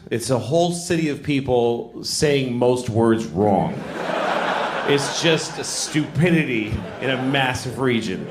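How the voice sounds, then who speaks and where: Animated stand-up comedian, roomy club. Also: male voice, mid-range voice, background noise. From Boston, USA. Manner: conversational, self-mocking, rambling riffs. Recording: roomy club with audience laughter.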